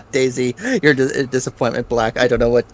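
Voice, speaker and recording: A man's voice: medium pitch, animated, a little slow. A man co-playing a video game, teasing his partner with dry remarks in casual banter. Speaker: co-player.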